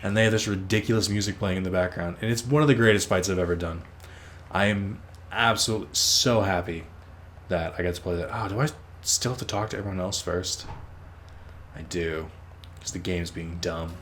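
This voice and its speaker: Low-voiced man casually narrating his gameplay. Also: brisk, fairly bright tone, slight background noise. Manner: rambling, swears freely, teases himself. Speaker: let's play host.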